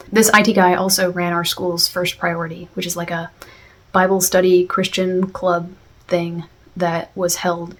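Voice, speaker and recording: Woman chatting through a show review, kinda husky, lots of ums and restarts. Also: on the low side, a bit bright. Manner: reflective, frequent fillers and restarts. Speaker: video essayist. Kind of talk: casual spoken review.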